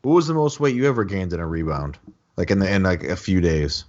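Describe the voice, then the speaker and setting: A man's voice: deep voice, sing-song, fast, darkish tone. A man hosting a podcast, giving short reactions and asking direct questions. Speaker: host. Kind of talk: casual podcast interview. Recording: dull lo-fi audio.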